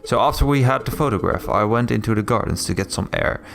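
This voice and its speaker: A man's voice: medium pitch, quick pace, gravelly, over music, close to an everyday voice. A man voicing a chatty, naive young noblewoman cat in a story game.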